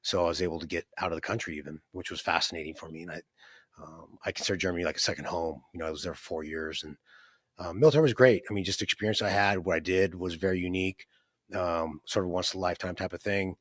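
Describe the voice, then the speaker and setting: A man in his fifties, his voice sitting low with fairly even intonation, talks fast on a dry, clean studio recording. Appearing as an entrepreneur guest, he tells his life story conversationally and rambles, restarting often, using plenty of fillers, and asking "right?" again and again.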